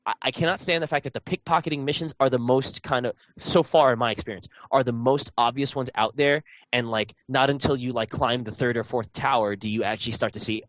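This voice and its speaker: A man's voice: mid-range voice, steady tone, fairly quick, hardly any pauses, fairly bright tone, dry recording. A man chatting casually about a video game, rambling with lots of fillers and restarts. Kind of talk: casual chat.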